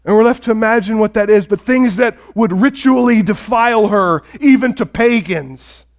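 Man, pastor, sermon, dramatic storytelling, very high voice. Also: normal speed. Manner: dramatic storytelling, speaks to the congregation directly.

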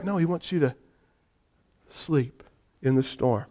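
High-voiced animated male preacher. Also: a little slow, long pauses, noisy background. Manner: animated, shifts from hushed to loud. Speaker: pastor. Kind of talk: sermon.

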